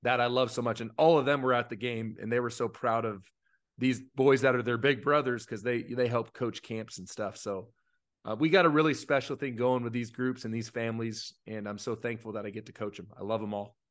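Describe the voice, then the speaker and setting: A youth baseball coach talks in a heartfelt, earnest way, his feelings close to the surface. His voice sits at an ordinary middle pitch for a man, and his sentences run on with fillers and restarts. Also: fairly even intonation, fairly quick. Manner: earnest and openly emotional, many fillers. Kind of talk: casual podcast chat.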